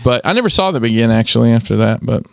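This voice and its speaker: A man's voice: medium pitch, animated, rapid-fire, creaky, no room sound, studio quality. A man in casual podcast chat, rambling with many fillers and restarts.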